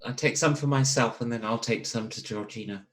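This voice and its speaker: A man's voice: medium pitch, a little fast. Stammering man playing a tabletop game. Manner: stammering, nervous in character. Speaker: player.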